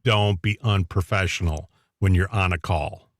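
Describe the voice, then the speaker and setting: A man co-hosting a casual radio talk show, opinionated and quick to chuckle. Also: deep voice, dry recording, studio quality.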